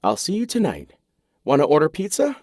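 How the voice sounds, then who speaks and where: A man's voice: fairly high pitch, huge pitch swings, a little fast, darkish tone, no room sound, clean studio sound, pitched above the performer's own voice. A man voicing a playful, teasing young woman neighbor in an audiobook. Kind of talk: audiobook character voice.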